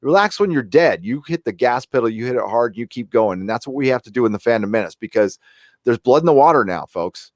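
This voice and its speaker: A man's voice: mid-range voice, lively intonation, a little fast. A man hosting a live stream from his home desk, talking in a blunt, fired-up way to rally his viewers. His voice sits in the middle of the male range, and the sound is close and completely dry, with no room echo. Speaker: livestream host. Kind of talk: casual live-stream chat.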